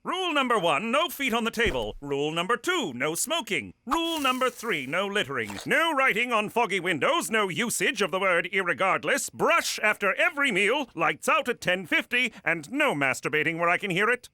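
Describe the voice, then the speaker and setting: Fussy cartoon stickler, high and bright. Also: male voice, sing-song, dry recording, exaggerated voice. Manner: prissy, fastidious. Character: fussy prim male host laying down rules. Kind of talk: adult cartoon voice acting.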